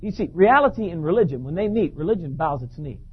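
A man preaching a sermon, telling a story in an animated way and often repeating words. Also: a little high, quick pace, slightly rough. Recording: dull lo-fi recording.

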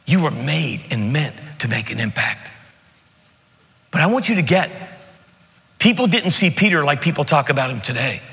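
Pastor guy preaching, high bright voice, punchy then hushed, big echoey church. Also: creaky. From Beaver County, Pennsylvania. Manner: emphatic, swings from loud to hushed, repeats key lines. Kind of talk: sermon. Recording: long hall reverb.

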